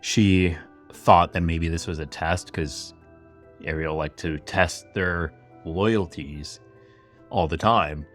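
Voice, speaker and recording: A man's voice: low voice, fairly even intonation, slow, fairly bright tone, faint music behind. A man hosting a podcast, telling a true crime story in a chatty, casual way with lots of asides. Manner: chatty retelling full of "like" and asides. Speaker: podcast host. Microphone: camera-facing setup.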